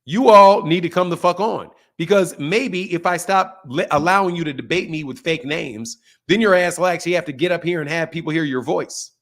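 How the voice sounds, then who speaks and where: A man hosting a boxing livestream talks in a fairly high voice, profane and confrontational. He ranges between loud outbursts and quieter mutters as he lectures his viewers. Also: a little fast, few pauses. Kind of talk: heated livestream rant.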